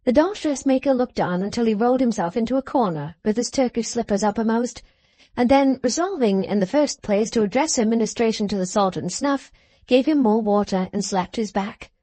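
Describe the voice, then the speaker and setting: Mellow female audiobook narrator. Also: fairly high pitch, brisk, dry recording. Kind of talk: scripted narration.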